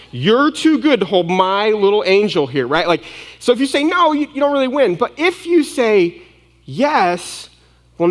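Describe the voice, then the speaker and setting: Chatty young preacher in a reverberant hall. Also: male voice, sits high. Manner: casual, self-deprecating storytelling with quick asides. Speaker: pastor. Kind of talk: sermon. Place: large church hall.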